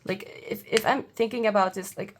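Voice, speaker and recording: A woman giving a casual pick-a-card tarot reading at home, halting and full of fillers, with blunt irritated outbursts. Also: mid-range voice, steady tone, a little hiss or hum. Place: home, seated.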